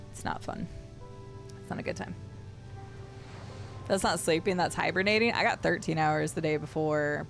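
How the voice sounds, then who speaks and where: A woman streamer chatting casually and playfully with her viewers while playing a game. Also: lowish voice. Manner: chatty, rambling, playful with chat. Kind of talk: casual chat while gaming.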